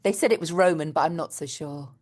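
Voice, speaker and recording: A middle-aged woman co-hosts a casual podcast chat, talking fast in a low-sitting voice. She's an animated storyteller who laughs often as she shares her stories.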